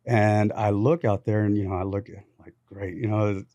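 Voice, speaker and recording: A man, a podcast guest, telling lively anecdotes in a studio, acting out bits of dialogue. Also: fairly low pitch, normal speed, dry recording, dull audio. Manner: animated anecdotes with quoted dialogue. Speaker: podcast guest, business founder. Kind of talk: casual storytelling.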